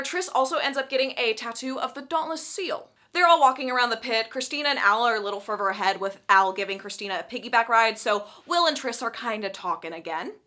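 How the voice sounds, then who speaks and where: A young woman recapping a book with sarcastic, animated asides. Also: high-pitched.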